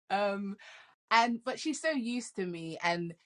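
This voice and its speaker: A middle-aged woman, a life coach, talking as a guest in a casual interview. She tells stories in a lively way, laughs often and repeats words as she starts sentences. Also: mid-range voice, slow.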